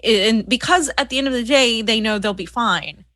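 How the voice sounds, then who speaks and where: A woman's voice: fairly high pitch, moderate pace, pushed and bright, dry recording. A woman co-hosting a political talk show, speaking in a heated, scornful way with frequent restarts. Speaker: co-host. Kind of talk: political commentary chat.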